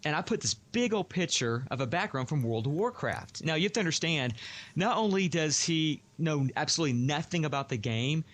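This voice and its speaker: A man telling a long work story on a podcast in a casual, animated way, often acting out what others said. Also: fairly high pitch, fairly quick. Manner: animated, acts out quoted voices.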